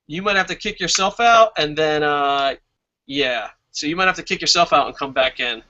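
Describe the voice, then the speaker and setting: A man with a bright, forceful, fairly high voice hosts a loose wrestling review stream. He swears freely, reads out viewer comments and laughs at his own jokes. The audio is dull and lo-fi. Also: moderate pace. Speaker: wrestling show host.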